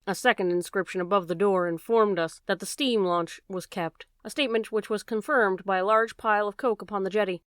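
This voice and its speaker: A woman narrating a classic novel as an audiobook reader, steady and measured. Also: mid-range voice, dry recording, studio quality.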